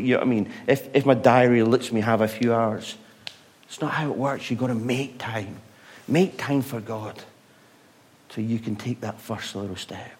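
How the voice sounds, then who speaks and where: A man preaching a sermon, retelling stories with rhetorical questions, moving between loud bursts and hushed moments. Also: medium pitch, moderate pace.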